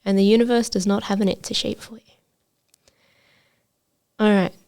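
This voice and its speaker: A woman's voice: medium pitch, fairly even intonation, normal speed, creaky, darkish tone. A woman hosting a solo podcast as a trades coach, talking in an earnest, motivational way with frequent fillers.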